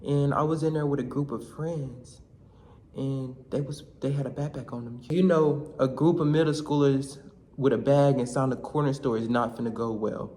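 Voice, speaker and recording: A young man vlogging, telling a comic story in casual slang with animated bursts. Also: mid-range voice, moderate pace. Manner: animated, slangy, shouts in quoted lines. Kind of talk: comedic storytelling vlog.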